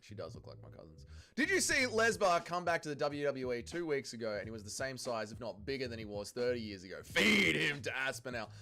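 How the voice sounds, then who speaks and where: Brisk and mid-range in voice, this Australian-accented man from Melbourne runs a casual livestream. He riffs on viewer comments, trading crude jokes and lively banter with the chat.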